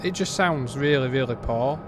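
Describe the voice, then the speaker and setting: A man's voice: mid-range voice, moderate pace, noisy background. Blunt British man reviewing a game. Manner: blunt, exasperated, rambling with restarts. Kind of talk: casual review commentary.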